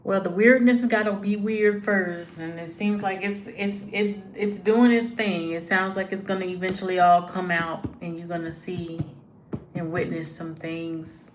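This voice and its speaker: A young woman, giving a casual, halting tarot reading full of fillers and sighs. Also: lowish voice, fairly even intonation, slight background noise, rough recording. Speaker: tarot reader. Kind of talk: live tarot reading chat.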